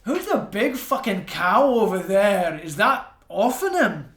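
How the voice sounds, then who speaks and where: A man voicing a gruff, impatient male dwarf archmage who speaks bluntly and rudely. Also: mid-range voice, steady tone, measured pace, lightly acted. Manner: blunt, rude, loud. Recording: echoey room.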